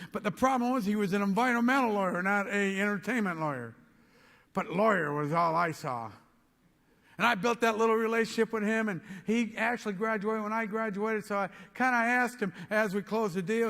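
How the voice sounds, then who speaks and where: A man's voice: sits high, vocal fry, a bit bright. An older man giving a motivational speech to a live audience, telling a story with energy and acting out both sides of the conversations. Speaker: motivational speaker. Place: large hall before an audience. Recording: long hall reverb with faint music.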